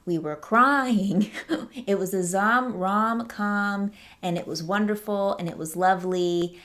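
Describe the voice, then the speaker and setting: A woman's voice: medium pitch, slow, fairly bright tone. A woman hosting a casual film review vlog, chatty and enthusiastic, with lots of fillers and restarts. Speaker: movie reviewer, channel host.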